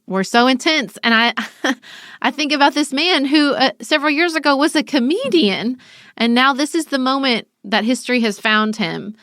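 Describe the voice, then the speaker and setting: A woman's voice: medium pitch, a bit bright, no room sound, clean studio sound. A woman co-hosting a political podcast, speaking in a heartfelt, conversational way. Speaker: podcast co-host.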